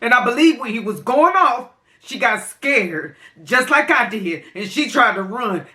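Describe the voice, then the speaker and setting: Young woman venting to her viewers, kinda high voice, really heated and intense. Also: sharp tone. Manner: impassioned, speaks straight to viewers. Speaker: vlogger. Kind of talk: emotional mukbang commentary.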